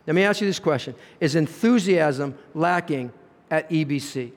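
Preaching in a church sanctuary, this male pastor speaks earnestly at a moderate pace in a fairly high voice. He uses rhetorical questions and swings in emphasis, and the recording carries the echo of the hall.

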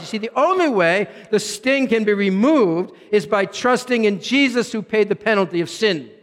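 A man preaching a sermon as pastor, rising to loud emphatic lines and dropping to quiet low asides. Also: expressive, normal speed, few pauses, long reverb tail.

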